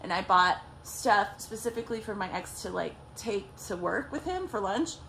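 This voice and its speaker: A woman's voice: medium pitch, normal speed, gravelly, slight background noise. A young woman vlogger telling a story casually, swearing a lot and acting out what people said. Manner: profane, animated, acts out quotes.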